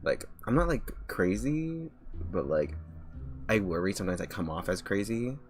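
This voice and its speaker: Gushing, rambling low-voiced man streamer. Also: lively intonation, a little fast. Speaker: VTuber streamer. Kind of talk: casual live-stream chat. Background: faint background music.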